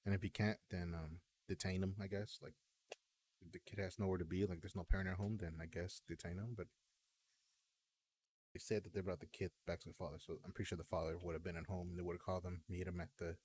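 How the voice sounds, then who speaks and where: A man's voice: deep voice, little pitch movement, fast talker, a little mellow, slight background noise. A man chatting casually on a stream, laid-back and rambling, with many fillers. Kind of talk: casual chat.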